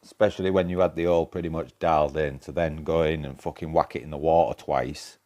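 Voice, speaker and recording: A man with a broad Yorkshire accent and a notably low voice, chatting loosely with his viewers during a live game stream. He swears freely and keeps up easy banter. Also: steady tone, a little fast, darkish tone. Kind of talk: casual live-stream chat.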